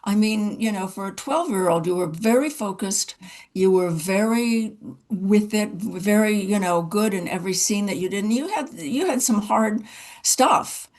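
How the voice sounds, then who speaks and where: A woman's voice: medium pitch, expressive, measured pace, a little mellow. An older woman co-hosting a podcast, chatting casually and praising her guest effusively. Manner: effusive, complimentary. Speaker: co-host. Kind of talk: casual chat.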